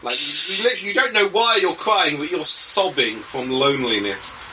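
A man's voice: fairly high pitch, expressive, fairly quick, sharp tone, recorded from a distance, slight background noise, low-quality recording. A man acting as game master, narrating a tabletop horror game in a casual way, with lots of fillers.

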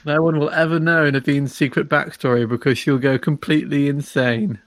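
A man acting as game master for an online tabletop horror game, drawn-out and dryly amused. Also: fairly high pitch, steady tone, no echo.

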